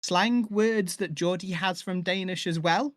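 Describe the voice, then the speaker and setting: A man's voice: high-pitched, measured pace, no echo, clean studio sound. Rambling man from Cheshire. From Cheshire, England. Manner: rambling, many fillers and restarts. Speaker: audio drama maker. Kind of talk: casual chat on a live stream.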